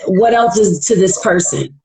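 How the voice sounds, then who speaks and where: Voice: medium pitch, normal speed, vocal fry. Easygoing podcast host in echoey room. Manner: relaxed, agreeing, asks questions. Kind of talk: casual chat.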